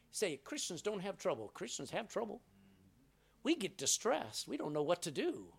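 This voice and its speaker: A man's voice: high voice, huge pitch swings, moderate pace, creaky, slightly rough. A middle-aged man preaching a sermon, telling stories and acting out quoted lines with changes of voice. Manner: storytelling, acts out quotes with voice changes. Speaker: pastor.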